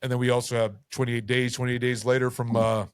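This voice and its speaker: A man's voice: medium pitch, flat delivery, quick pace, clear, resonant tone, no room sound, clean studio sound. A tipsy man hosting a podcast, rambling casually with lots of fillers and swearing. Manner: loose, profane, rambling with fillers. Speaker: podcast host. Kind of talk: casual chat.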